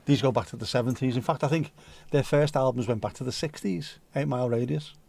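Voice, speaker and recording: A man's voice: medium pitch, fairly quick, creaky, darkish tone, no echo. A man hosting a livestream, chatting casually and rambling while reading out viewer comments, with the odd swear word. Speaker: livestream host.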